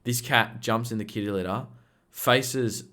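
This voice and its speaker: A man's voice: medium pitch, a little slow, sharp tone. A man tells crude stories from his working days on a casual podcast. He rambles, piles on slang and swears freely, in an ordinary mid-range voice. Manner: profane, rambling, heavy slang. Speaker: podcast co-host. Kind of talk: casual storytelling.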